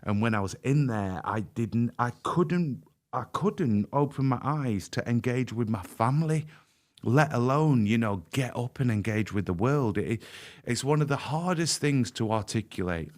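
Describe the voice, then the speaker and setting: Frank, halting middle-aged man. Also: mid-range voice, animated. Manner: frank, halting with restarts, vivid first-person telling. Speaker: podcast guest. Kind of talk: candid conversational storytelling. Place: podcast interview.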